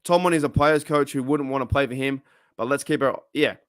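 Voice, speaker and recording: A man's voice: medium pitch, brisk, no room sound, studio quality. An Australian man hosting a casual live stream, rambling and chatting while reading viewers' comments aloud. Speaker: livestream host.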